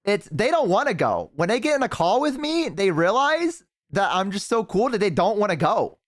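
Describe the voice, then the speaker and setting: Excitable young male streamer, dry close mic. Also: normal speed, no echo. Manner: excitable, swears a lot, jumps to high-pitched outbursts. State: has the hiccups. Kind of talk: casual stream chat with a friend.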